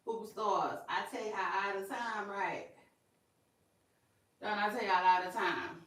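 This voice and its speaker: A woman hosting her own vlog, chatting casually to viewers about celebrity gossip in front of a camera, sassy and animated, repeating her lines for emphasis. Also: medium pitch, unhurried. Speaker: vlog host. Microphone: camera mic.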